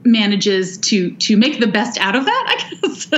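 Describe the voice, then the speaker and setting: Woman podcast host, mid-range voice, animated storyteller, slightly dull recording. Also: medium pitch, measured pace, a little hiss or hum. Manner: lively retelling, acts out characters' lines, many "you know" fillers. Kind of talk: casual book discussion.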